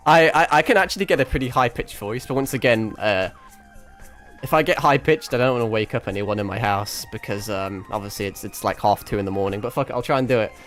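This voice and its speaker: A young male VTuber chats casually on a late-night stream through a desk microphone, rambling fast with plenty of swearing, hesitations, fillers and restarts. His fairly low-pitched, fairly bright voice sounds tired and cracks after hours of talking, with faint music behind him.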